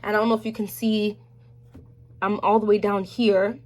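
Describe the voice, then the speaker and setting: A woman chatting casually on camera about beauty products, animated and slangy, with playful asides to viewers. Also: mid-range voice, moderate pace. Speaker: beauty vlogger. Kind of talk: casual product review chat.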